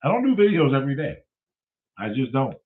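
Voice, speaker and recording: A man's voice: medium pitch, sing-song, brisk. A man hosting his own show and telling a rambling, profane story in a casual monologue. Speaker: show host. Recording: tinny phone-like sound.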